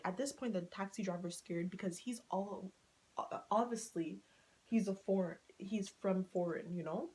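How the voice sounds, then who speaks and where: A storytime vlogger with a mid-range voice speaks directly to her followers in a casual, animated way, laughing and swearing freely. She keeps acting out what the people in her story said, and the audio quality is poor.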